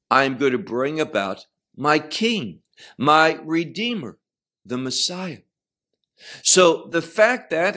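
A man's voice: a little high, a bit bright. A man teaching verse by verse through scripture, stressing key phrases and repeating them as he explains. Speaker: Bible teacher. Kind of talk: expository Bible teaching.

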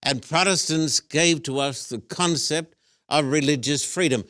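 A man, a pastor, hosting an interview in a measured way and posing rhetorical questions. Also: on the high side, a bit bright, no echo, clean studio sound.

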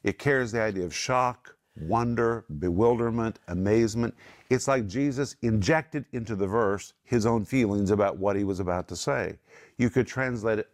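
Emphatic middle-aged man teaching the Bible. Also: lowish voice. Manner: emphatic, slows down to stress key words. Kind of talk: Bible teaching with scripture quotes.

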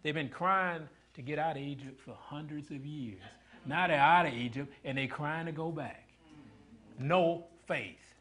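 A man preaching a sermon, swinging from loud declarations to hushed asides and calling questions out to the congregation. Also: a little high, a little slow.

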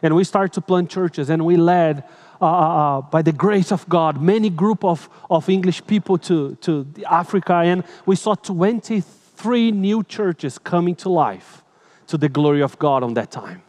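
A male pastor preaching an emotional sermon through personal stories, animated and dramatic, shifting between loud and hushed, with slightly broken English phrasing. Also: on the high side, moderate pace.

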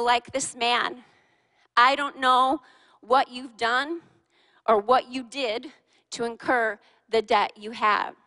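A woman preaching a sermon to a congregation in a church hall. She speaks in an animated way, firing questions at her listeners and teasing them. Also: a little high. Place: large church hall with a live and online congregation. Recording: long reverb of a large hall.

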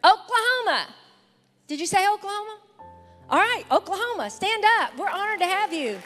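High-voiced Southern woman pastor welcoming visitors. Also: big pitch swings, moderate pace, a bit bright, in a large hall. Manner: enthusiastic, calls out to the congregation. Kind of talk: church welcome and announcements. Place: large church sanctuary with a congregation. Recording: live church service with music and crowd.

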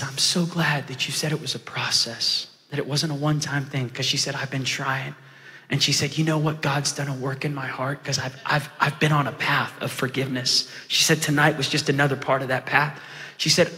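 Male pastor, fairly high, bright, forceful voice; sermon with hushed stories and shouted peaks, reverberant church hall. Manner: swings from hushed storytelling to loud preaching.

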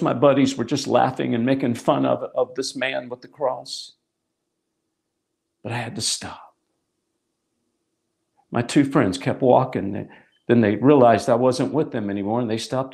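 A man's voice: mid-range voice, creaky, darkish tone. A middle-aged man preaching a sermon, telling a personal testimony with emphatic repetition. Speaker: pastor.

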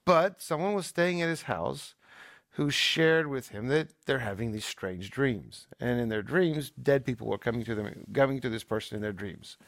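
A man with a gravelly, creaky edge to a mid-pitched voice tells a story on a talk show. He talks in eager, emphatic bursts and restarts his sentences, recorded dry and close. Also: moderate pace, no echo. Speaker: co-host.

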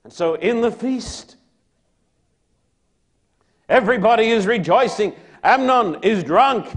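A man preaching a sermon, retelling a Bible story dramatically, dropping to a hush and then rising loud again. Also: sits high, expressive, slow pace.

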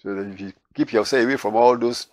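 A man preaching verse by verse through a Bible passage, acting out the people in the story and growing loud on key lines. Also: mid-range voice, fast, no room sound. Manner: animated, acts out quoted voices with rising loudness. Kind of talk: Bible teaching.

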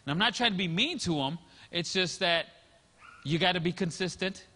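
High, bright-voiced pastor preaching. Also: male voice, animated, moderate pace, in a large hall. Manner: conversational storytelling, acting out quoted dialogue. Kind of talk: sermon.

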